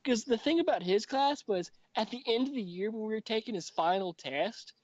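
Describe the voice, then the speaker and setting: A man's voice: high voice, a little fast, no room sound. A young man hosting a casual podcast chat, telling stories with lots of swearing and acting out the other people in them. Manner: profane, animated storyteller who acts out others. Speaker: podcast host. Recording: dry, dull lo-fi recording.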